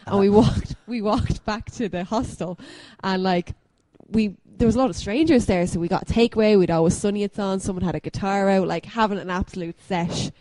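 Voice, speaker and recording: A young woman co-hosting a podcast, telling a story briskly with self-mocking laughs. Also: mid-range voice, mellow, rough recording. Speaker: podcast co-host. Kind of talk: casual storytelling chat.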